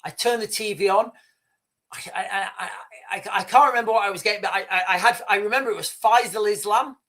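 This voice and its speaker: A man hosting a livestream, delivering a heated political rant full of swearing, halting restarts and repeated words. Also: sits high, pushed and bright. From United Kingdom. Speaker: livestream host.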